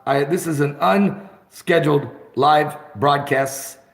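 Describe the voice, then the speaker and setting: A man hosting an off-the-cuff live broadcast from his phone, rambling and excitable, bursting into shouts. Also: a little high, takes it slowly, vocal fry, roomy sound. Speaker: host of an online live broadcast.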